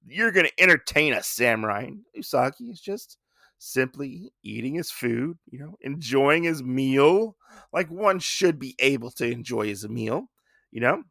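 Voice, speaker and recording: Man, podcast host, casual comic review, gravelly, bright tone, dry close sound. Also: mid-range voice, lively intonation, measured pace, no room sound. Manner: enthusiastic retelling with many fillers.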